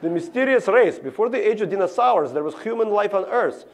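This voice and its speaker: A man's voice: high-pitched, lively intonation, fairly quick, voice pushed up. A man voicing an earnest eleven-year-old immigrant boy with a Russian accent, proudly reading his own story aloud during a memoir reading.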